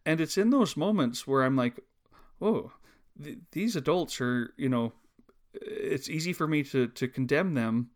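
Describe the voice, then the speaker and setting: A man co-hosting a casual film discussion, earnest and halting, restarting his sentences often. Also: fairly high pitch, expressive. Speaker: podcast co-host.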